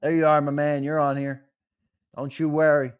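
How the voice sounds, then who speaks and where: A man's voice: a little high, moderate pace, clear, resonant tone, no echo. Teasing, chatty young man host. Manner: lively, teasing, talks straight to chat with "brother". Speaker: host of a sports live stream. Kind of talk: casual live-stream chat with viewers.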